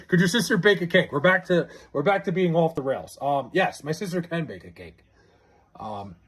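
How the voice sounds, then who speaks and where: A young man chats on his livestream, reading out messages from viewers. His voice sits high and swoops widely as he stammers, overwhelmed and excited. There is a husky edge to his tone. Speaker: livestream host. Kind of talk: casual livestream chat, reading chat aloud.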